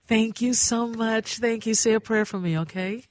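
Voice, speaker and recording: A woman's voice: fairly high pitch, fairly even intonation, unhurried, no room sound, clean studio sound. An older woman hosting a call-in radio show, affectionate with callers and calling them honey. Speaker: radio host. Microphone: studio mic.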